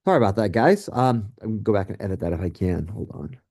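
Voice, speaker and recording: Animated casual male history teacher. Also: lowish voice, fast, gravelly, slightly rough. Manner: casual, joking, lively asides to students. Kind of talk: recorded history lecture.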